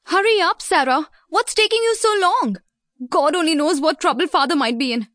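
A woman's voice: very high-pitched, animated, moderate pace, no echo, studio quality, pitched above the performer's own voice. A woman voicing an anxious young boy who urges his sister to hurry. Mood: urgent. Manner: urgent, pleading shouts.

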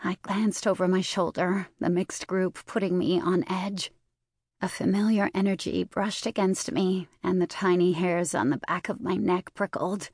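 A woman reads a first-person novel aloud in a low-pitched, measured voice. Her storytelling is steady and controlled. The recording is dry and close, with no room sound. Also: breathy edge, no room sound. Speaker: audiobook narrator. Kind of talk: first-person fiction narration.

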